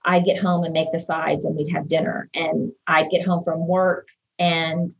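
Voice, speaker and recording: A woman's voice: deep voice, little pitch movement, measured pace, slightly rough, muffled recording. A woman in an interview, earnestly and emotionally recalling events from her own life. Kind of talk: personal recollection in an interview.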